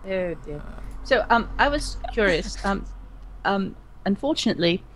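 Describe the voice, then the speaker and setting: A woman co-hosting a livestream in casual chat, talking haltingly with many fillers and restarts. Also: medium pitch, big pitch swings, slight background noise, rough recording. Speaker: stream co-host.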